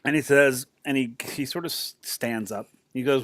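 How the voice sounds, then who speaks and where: A man's voice: mid-range voice, moderate pace, fairly bright tone, dry recording, studio quality. A man narrating a tabletop game as game master, chatty and rambling as he describes the scene. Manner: chatty, rambling, many fillers and restarts.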